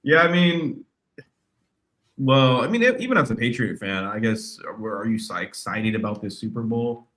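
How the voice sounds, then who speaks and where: A man co-hosting a casual sports chat, slangy and animated, often mimicking people in a higher voice. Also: moderate pace. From California. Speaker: podcast co-host.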